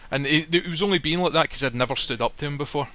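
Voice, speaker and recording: A man's voice: a little high, quick pace, pushed and bright. A man casually telling a personal story, blunt and swearing freely, acting out the lines people said. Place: live stream recording.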